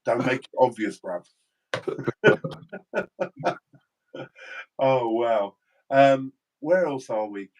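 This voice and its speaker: A man's voice: medium pitch, unhurried, darkish tone, a little hiss or hum, poor audio. An English man co-hosting a casual livestream, reading out viewer comments and laughing easily. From England. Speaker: livestream co-host.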